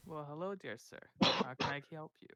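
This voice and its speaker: A woman putting on a soft courteous helper voice. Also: fairly quick. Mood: politely welcoming. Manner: polite and hushed, lifted in pitch. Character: courteous, soft-spoken woman offering service. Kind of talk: voice check for a tabletop game character.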